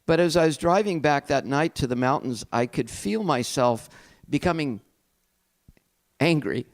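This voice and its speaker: A man's voice: a little high, expressive, unhurried. A middle-aged man, a pastor, telling a personal story in a candid, reflective and self-deprecating way. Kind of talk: personal testimony talk.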